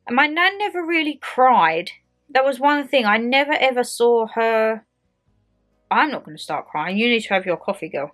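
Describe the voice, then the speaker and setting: A young woman with an Essex accent chatting to camera as a vlogger, telling a story in a lively way and acting out the people in it. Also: fairly high pitch, moderate pace, faint music behind. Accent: Essex English. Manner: chatty, animated storytelling with acted quotes. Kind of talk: casual chat to camera. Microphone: handheld phone camera.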